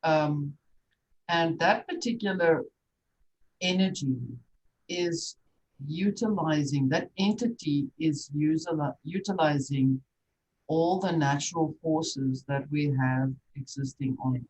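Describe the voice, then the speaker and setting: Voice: mid-range voice, slow, a little mellow, slight background noise, poor audio. Musing podcast host, thinking aloud. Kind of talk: podcast interview.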